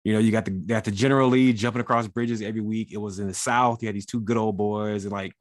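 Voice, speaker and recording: A man's voice: lowish voice, steady tone, fast, dry recording, clean studio sound. A man from the US South telling a personal story casually, with many fillers. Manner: casual, frequent fillers like "like" and "you know".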